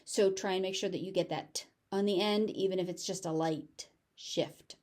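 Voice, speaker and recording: A woman with a General American accent teaching English pronunciation, saying each word slowly and carefully and repeating it several times. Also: fairly low pitch, fairly even intonation, a little mellow.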